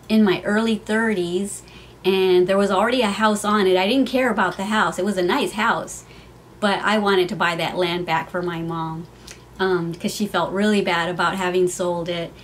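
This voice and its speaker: A woman's voice: medium pitch, a little hiss or hum. A middle-aged woman vlogging from her home, telling a heartfelt personal story in a chatty way, with many fillers.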